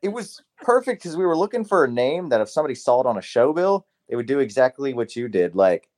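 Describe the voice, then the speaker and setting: A man's voice: medium pitch, sing-song, quick pace, a little mellow. A man from South Carolina with a light Southern accent, a musician guest rambling easily in a casual interview. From Charleston, South Carolina. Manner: laid-back, rambling with fillers.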